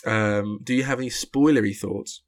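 A man co-hosting a casual film review podcast, ranting and getting louder when annoyed. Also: normal speed. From London. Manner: ranting, gets loud and high when annoyed. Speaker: podcast co-host.

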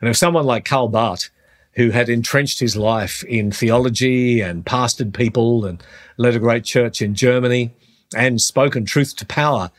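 Earnest man teaching on faith. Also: mid-range voice. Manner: earnest, slows down on key phrases. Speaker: podcast host, Christian teacher. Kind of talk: teaching talk on the Bible.

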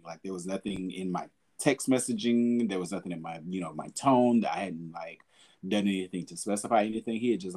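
A young man with a low, darkish voice and a breathy edge hosts a podcast. In a reflective monologue, he talks candidly and conversationally about hard times, using fillers and repeating words.

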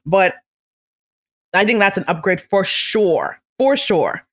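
Chatty vlogger dishing celeb gossip, opinionated, kinda playful, medium pitch. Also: expressive, slow, fairly bright tone. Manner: chatty, opinionated, slips into comic impressions. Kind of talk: casual celebrity gossip monologue.

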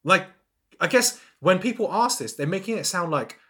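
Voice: mid-range voice, lively intonation, normal speed, fairly bright tone. A podcast co-host in casual chat who pushes back with questions and leans on "like" a lot. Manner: questioning, uses "like" as filler a lot.

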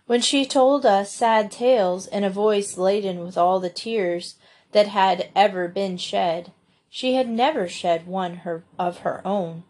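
A woman reading a classic novel aloud as narrator, in a measured, unhurried way. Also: mid-range voice, darkish tone. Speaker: audiobook narrator. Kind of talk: storybook narration.

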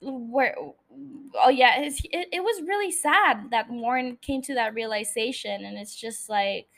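Woman podcast host, high voice, emotional, foul-mouthed casual recap. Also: unhurried, fairly bright tone. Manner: emotional, heavy swearing, angry ranting.

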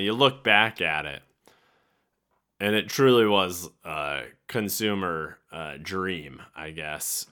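A young man talks through a casual solo podcast, wandering off track and chuckling at himself. His voice sits low, yet it swings widely in pitch and has a bright edge. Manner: rambling, self-interrupting, laughs at himself. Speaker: podcast host.

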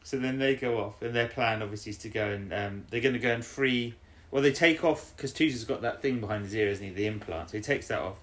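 Young male podcast co-host, casual recap, animated, slips into character voices. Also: fairly low pitch, fast talker, few pauses.

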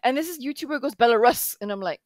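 A woman in casual chat, animated and quick to jump in and mimic others. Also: high-pitched, no room sound.

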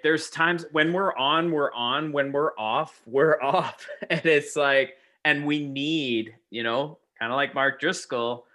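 A man's voice: mid-range voice, sharp tone. A man who used to be a teacher, musing in a rambling casual conversation full of filler words. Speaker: podcast co-host, former teacher.

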